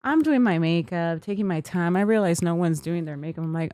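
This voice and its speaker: A young woman in her twenties, a podcast guest, telling a story in a lively way and acting out what people said. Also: fairly quick, dry recording. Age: 20s. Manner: lively, acts out quotes with big pitch jumps. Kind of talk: animated storytelling.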